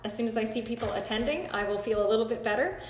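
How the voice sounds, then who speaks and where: A woman's voice: on the high side, racing, reverberant, slight background noise. A woman hosting a live stream, talking casually, nervous and shaky with many hesitant ums, close to tears. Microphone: phone or computer.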